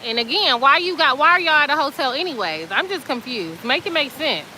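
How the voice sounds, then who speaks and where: Brief: woman host, high-pitched and colloquial, animated storytelling with fillers. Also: a little fast, a little hiss or hum, low-quality recording. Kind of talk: casual chatty storytelling.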